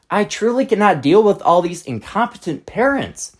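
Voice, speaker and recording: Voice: medium pitch, expressive, moderate pace, few pauses. A channel host telling a storytime rant in a blunt, exasperated manner with casual profanity.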